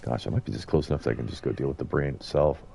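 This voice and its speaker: A middle-aged American man streams a game, thinking aloud and chatting to his viewers in a rambling, easygoing way. His voice is very deep and gravelly, with a dark, husky tone. His pitch swings widely as he talks. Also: rapid-fire, a little hiss or hum. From United States. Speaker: gaming streamer. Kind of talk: casual gameplay commentary.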